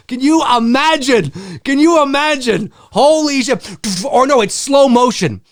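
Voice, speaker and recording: A man hosting a casual live stream, rambling and swearing, laughing often and acting out scenes. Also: very high voice. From Canada. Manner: rambling, profane, laughs often, acts out scenes with shouted voices.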